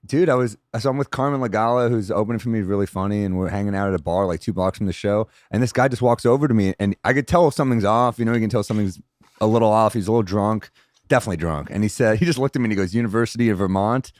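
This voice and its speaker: Fast-talking dry-witted male comedian. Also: fairly low pitch, a little mellow, dry recording. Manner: rapid, dry, joking delivery. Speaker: guest comedian. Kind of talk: casual chat.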